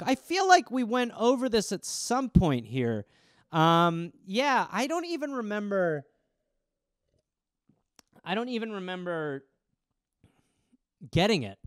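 High, lively-voiced riffing man. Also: clear, resonant tone, no room sound, studio quality. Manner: rambling, profane, riffing. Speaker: comedian podcast host. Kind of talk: casual comedic monologue.

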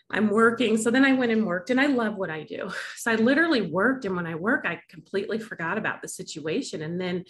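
With a lowish voice and a little noise in the background, a woman hosting a wellness challenge vlog shares a personal story. It comes out emotional and meandering, full of laughter and restarts.

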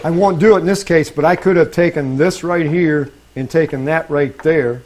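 A man's voice: on the high side, moderate pace. A man giving a live woodworking demonstration to an audience, talking as he works, restarting phrases and checking in with the room. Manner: talks while working, self-correcting, asks audience checks. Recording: faint background noise.

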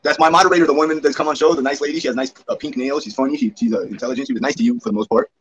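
A man's voice: fairly high pitch, fairly even intonation, rapid-fire, muffled recording, slight background noise. A man hosting a livestream, arguing with a guest in a bickering, profane, exasperated way. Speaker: livestream host. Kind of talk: heated casual livestream banter.

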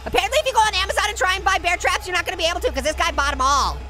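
A woman giving excitable, jokey let's-play commentary as a video game streamer, talking to her viewers as she plays. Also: extremely high pitch, racing, music in the background.

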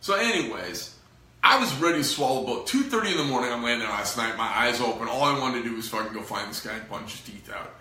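A middle-aged knife company owner vents to camera about his business, rambling, swearing freely and clearly frustrated. His mid-range voice is bright and forceful, and he talks fast and animatedly in an echoey room.

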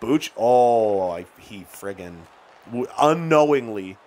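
A man talks through his hockey video game session in a loose, chatty way, laughing now and then. His pitch sits in the middle range, and at big plays his voice jumps up into shouts. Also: slow. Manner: excitable, shouts at big plays, chuckles often. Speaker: gaming YouTuber. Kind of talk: let's-play commentary.

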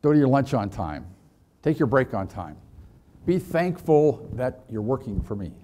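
A man's voice: medium pitch, sing-song, a little slow, warm tone, a little hiss or hum. Indignant stingy farmer scolding his animals, as a male speaker puts him on. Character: stern penny-pinching old farmer, male.

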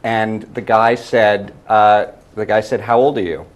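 A man's voice: fairly low pitch, steady tone, a little slow, lo-fi sound. A man from Canada, a game show guest, telling a rambling casual story and laughing at it himself. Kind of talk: casual anecdote.

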